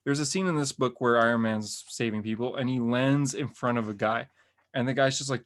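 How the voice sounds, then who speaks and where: Rambling, excitable male podcast host. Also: mid-range voice, fairly quick. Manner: rambling and excited, many "like" fillers. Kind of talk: casual comic book review chat.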